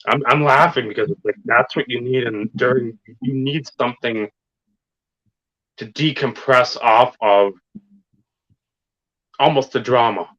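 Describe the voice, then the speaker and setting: A man's voice: mid-range voice, fairly bright tone, no room sound. A man co-hosting a podcast, talking casually and rambling about wrestling, swearing often and stressing his points. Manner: profane, rambling, emphatic wrestling fan talk. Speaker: podcast co-host. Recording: dull lo-fi sound.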